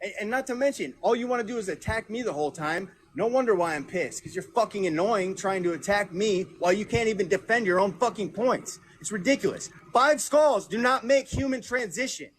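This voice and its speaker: A man's voice: high-pitched, expressive, a little fast, hardly any pauses, a little hiss or hum. A man in a heated argument, angry and swearing as he talks over the other person. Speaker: debate participant.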